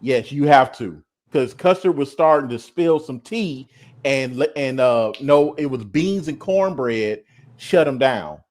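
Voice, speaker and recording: A man's voice: mid-range voice, expressive, a little slow, a little mellow. A man chatting casually as co-host, loose and rambling with lots of fillers and restarts. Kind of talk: casual gossip chat.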